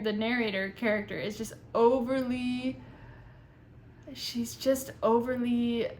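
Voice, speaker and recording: A young woman reviewing a book in a casual, chatty way, nitpicky and animated. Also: on the high side, a little hiss or hum. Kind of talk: casual chat.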